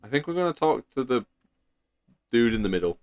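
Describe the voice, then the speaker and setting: A man's voice: medium pitch, sing-song, a little fast, a little mellow, faint music behind. A man casually commenting while he plays a story game, in a playful, laid-back way. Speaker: gaming video creator.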